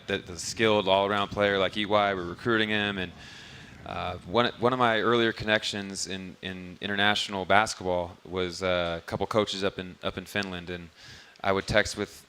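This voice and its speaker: A man's voice: sits low, sharp tone, clean tone. A man who coaches basketball, telling rambling stories in an easygoing way during a live interview at a restaurant bar. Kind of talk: casual interview answers.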